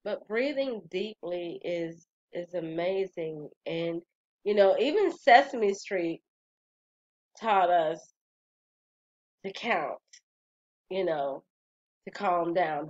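A woman, talking casually to her viewers about calming down, chatty and sassy. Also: mid-range voice, lo-fi sound. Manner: chatty, sassy, laughs and sighs often. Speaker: vlogger. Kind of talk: casual wellness talk.

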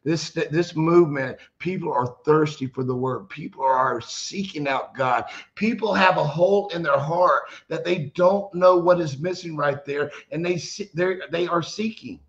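Fervent high-voiced male preacher. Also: a little slow, hardly any pauses, lo-fi sound. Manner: fervent, rising to loud exclamations; retells stories with quoted dialogue. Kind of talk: sermon.

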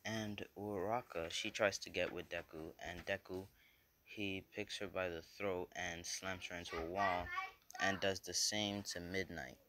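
A man's voice: low-pitched, steady tone, unhurried, noisy background. A young man casually retelling a fan story, loose and rambling.

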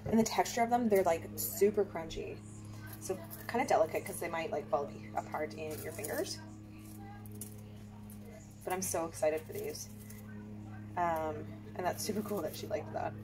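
Chatty mom in her kitchen, low voice. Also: normal speed, long pauses, music in the background. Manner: chatty and upbeat, thinks aloud with fillers. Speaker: home cook vlogger. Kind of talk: casual cooking demo. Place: home kitchen.

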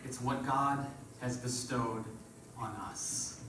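A man's voice: medium pitch, steady tone, slow pace, background noise. Preaching man in an echoey church. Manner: call-and-response preaching, rises and drops in volume. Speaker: pastor. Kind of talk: sermon. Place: church sanctuary. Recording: roomy church echo from far off.

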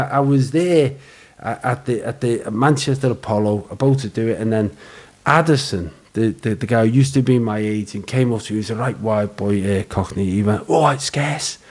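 A Liverpool-accented man in his forties telling show-business stories in relaxed podcast chat. He brings the anecdotes to life by acting out the people in them, with plenty of laughter and swearing. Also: fairly low pitch. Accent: Liverpool (Scouse). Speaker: comedian guest. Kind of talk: casual storytelling chat.

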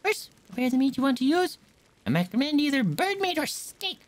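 A woman voicing a fussy, proud young woman cook in a video game, reading her lines aloud in a high, chirpy, indignant voice. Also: sing-song, fairly quick.

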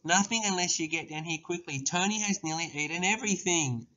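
Man as a hurried mum, calling upstairs, children's story dictation, dull lo-fi recording. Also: a little high, pushed and bright, voice pushed up. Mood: urgent.

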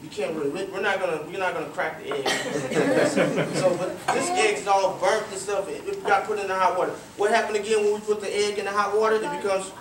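Over a noisy crowd, a man with a high-pitched, steady voice speaks fairly quickly and with few pauses, delivering a motivational story to young people as a guest speaker at a youth cricket academy. He quizzes them and repeats phrases for emphasis in a large room. The recording is distant and roomy with faint ambience.

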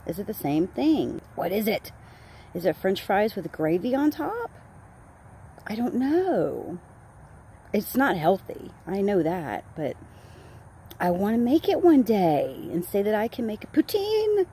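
A woman's voice: mid-range voice, sing-song, unhurried, warm tone, a little hiss or hum. A woman in her thirties from the United States, chatting animatedly to the camera in a casual vlog. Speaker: vlogger.

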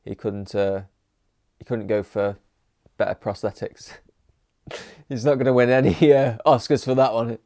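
Male reaction host, candid and jokey, warm low-key delivery. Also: steady tone, unhurried, pauses often, dry recording, clean studio sound. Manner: candid, swears freely, joking asides. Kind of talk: casual reaction commentary.

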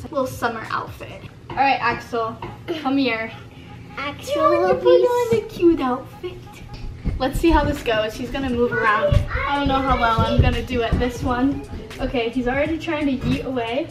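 A young woman vlogging casually, bubbly and giggly, slipping into a sing-song voice for a baby and getting out of breath. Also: high voice. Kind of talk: casual vlog narration.

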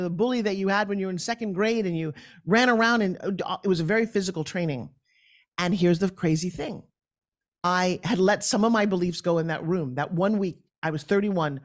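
Emphatic middle-aged New woman. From New York. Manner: emphatic, jumps into quoted dialogue with big pitch swings. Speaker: guest, pitch coach. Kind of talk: animated storytelling interview.

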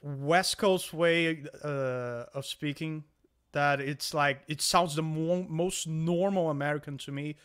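A man's voice: a little high, steady tone, slow pace, fairly bright tone, clean tone. A man chatting casually on a stream, often stopping and restarting his phrases. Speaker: guest co-host. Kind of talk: casual chat.

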